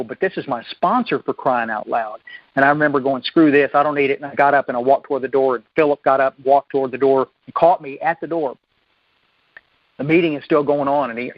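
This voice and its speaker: A man telling his recovery story at a meeting, folksy and self-deprecating, often halting and restarting his sentences. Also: mid-range voice, no echo. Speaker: recovery speaker. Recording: dull lo-fi dry recording.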